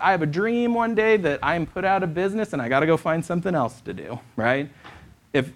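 A man, a therapist speaking at a church, talking conversationally and often checking in with "right?". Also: a little high. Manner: conversational, keeps asking "right?". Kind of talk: church talk with Q&A. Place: church hall.

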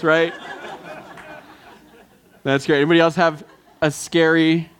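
A man giving a lively children's sermon, coaxing the kids to answer and join in. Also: on the high side, slow pace, pauses often, a faint crowd, a little hiss or hum. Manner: lively, coaxing, quotes film lines with voices. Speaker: children's pastor.

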